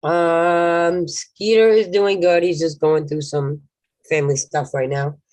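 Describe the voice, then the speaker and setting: A woman's voice: lowish voice, fairly even intonation, takes it slowly, darkish tone, no echo. A woman hosting a casual online panel chat, blunt and teasing, swearing freely. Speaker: panel host.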